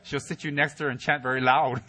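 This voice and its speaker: A man's voice: on the high side, sharp tone, slightly rough. A man teaching at a Buddhist center, giving a humorous Dharma talk with teasing asides and mock voices.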